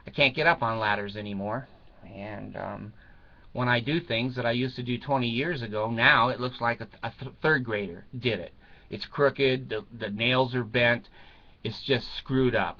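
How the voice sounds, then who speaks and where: A man's voice: mid-range voice, pushed and bright, lo-fi sound. An older man chatting casually to viewers in a rambling way, chuckling and swearing freely. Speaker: vlogger.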